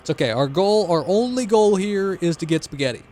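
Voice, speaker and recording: A man streaming a game, talking in an excitable, rambling and jokey way to his chat. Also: sits high, brisk, a little hiss or hum. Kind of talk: gaming livestream chat.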